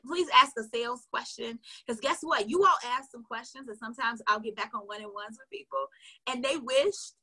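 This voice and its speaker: Woman, sales coach, live from home; high, bright, breathy; energetic, chatty, direct. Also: low-quality recording. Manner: energetic, talks straight to viewers; casual and chatty, says y'all. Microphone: livestream on a video call platform.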